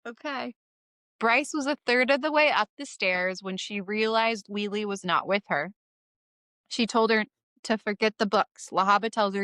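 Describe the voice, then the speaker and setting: A woman's voice: medium pitch, normal speed, fairly bright tone, dry recording. A woman co-hosting a podcast, giving an irreverent, swearing chapter recap while close to tears. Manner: irreverent and swearing, often laughing through tears. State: emotional, close to crying. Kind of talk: casual podcast recap, reading a comic chapter summary.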